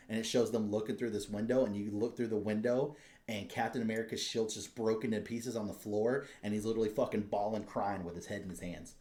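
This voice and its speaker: Profane excitable man on a podcast. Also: lowish voice, fast, echoey room. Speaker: podcast co-host. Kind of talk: casual chat.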